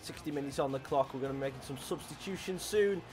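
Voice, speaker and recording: A man's voice: mid-range voice, fast talker, music in the background. Jokey man commentating a football game. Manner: jokey, excitable play-by-play, talks to players and referee. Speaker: gaming streamer. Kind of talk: live commentary over a football video game.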